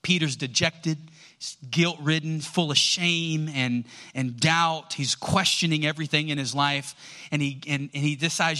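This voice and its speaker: Male preacher, high bright voice, animated storyteller who acts out dialogue. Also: measured pace. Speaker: pastor. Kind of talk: sermon.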